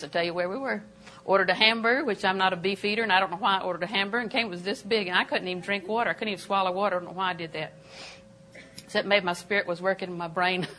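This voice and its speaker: An older woman preaching a sermon in a church auditorium, animated and emphatic, with sudden jumps in pitch.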